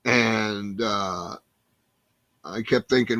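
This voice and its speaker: A man's voice: medium pitch, moderate pace, sharp tone, dry recording. A man in his sixties from New Jersey, a comedian guest telling a rambling story full of fillers and acted-out quotes. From New Jersey, USA. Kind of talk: storytelling in a podcast interview.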